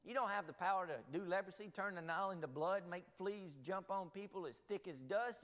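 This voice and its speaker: A man preaches in a church sanctuary. His voice sits a little high and swoops widely in pitch, from loud bursts down to hushed asides. Long reverb from the hall trails behind every word. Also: fairly quick, few pauses. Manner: animated, swings from loud to hushed. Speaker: pastor. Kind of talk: sermon.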